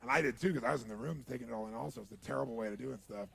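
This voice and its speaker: Gravelly husky man telling a story on stage. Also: medium pitch, rapid-fire. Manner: animated, swings to shouting while acting out scenes. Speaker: motivational speaker. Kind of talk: storytelling seminar talk.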